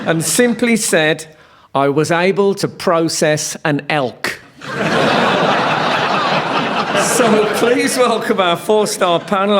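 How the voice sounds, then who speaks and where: A man's voice: high voice, a bit bright. A man hosting a comedy panel show, reading intros and trading dry asides with guests. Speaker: host. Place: TV studio before a live audience. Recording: studio audience laughter and noise.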